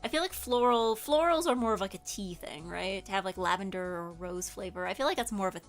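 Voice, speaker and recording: A woman's voice: mid-range voice, expressive, fairly quick, soft background music. Chatty rambling woman streamer. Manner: rambling, chatty, many filler likes, self-correcting. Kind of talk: casual chat.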